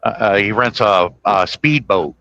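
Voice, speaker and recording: Bright-voiced man rambling on casually. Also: on the low side, measured pace, lo-fi sound. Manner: rambling, self-correcting movie retelling with chuckles. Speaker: host. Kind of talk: casual chat. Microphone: podcast microphone.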